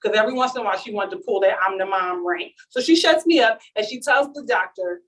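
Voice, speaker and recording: A woman giving a talk at a launch event, telling a comic story in an animated way and acting out the quotes. It is recorded on a distant mic at an event. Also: medium pitch, fast talker.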